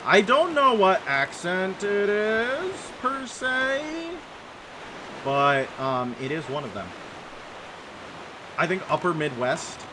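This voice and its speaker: A man's voice: high voice, big pitch swings, takes it slowly, long pauses, background noise. A man casually commenting on a game as a streamer, playful and prone to sing-song bits. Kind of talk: casual let's-play commentary.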